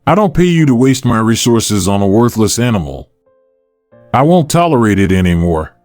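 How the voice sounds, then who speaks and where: A man's voice: fairly low pitch, sing-song, moderate pace, darkish tone, no echo. A man voicing a wealthy, domineering male ranch owner who speaks sharply and dismissively. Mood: cold, dismissive. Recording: dry close mic with faint music.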